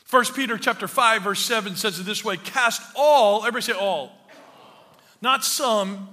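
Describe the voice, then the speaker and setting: A man's voice: sits high, moderate pace, bright, forceful tone. A man preaching a sermon in a church hall, telling a funny story about himself and then building to emphatic preaching. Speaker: pastor.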